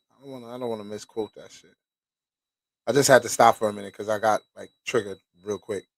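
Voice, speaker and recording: A man's voice: lowish voice, fairly even intonation, quick pace, creaky, no echo, poor audio. A man hosting a podcast, talking casually and bluntly with profanity and asides to his listeners while reading a document aloud. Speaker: podcast host.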